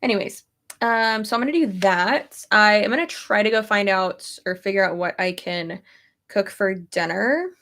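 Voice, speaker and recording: A woman's voice: medium pitch, moderate pace, a bit bright. A young pregnant woman chatting casually on a stream, thinking aloud and swearing now and then. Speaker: YouTuber. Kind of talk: casual chat reading stream comments.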